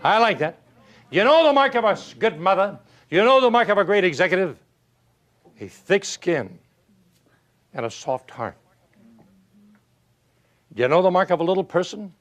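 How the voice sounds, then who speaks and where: An older man giving a motivational talk, telling folksy stories and asking rhetorical questions, swinging from loud to hushed. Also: high-pitched, expressive, moderate pace, pauses often. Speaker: motivational speaker. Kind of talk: motivational speech.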